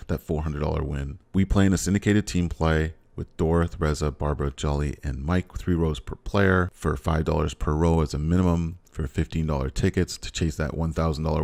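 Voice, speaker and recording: Very deep gravelly man hyping lottery picks. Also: darkish tone. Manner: repetitive, hypes up bets with catchphrases. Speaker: lottery strategy host. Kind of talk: fast upbeat instructional patter.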